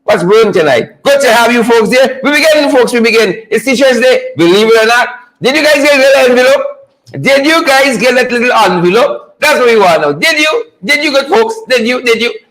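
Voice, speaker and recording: High-voiced playful man hosting a livestream. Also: lively intonation, a little fast, fairly bright tone, poor audio. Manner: playful, teasing, repetitive, laughs often. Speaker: online show host. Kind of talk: casual live-stream talk.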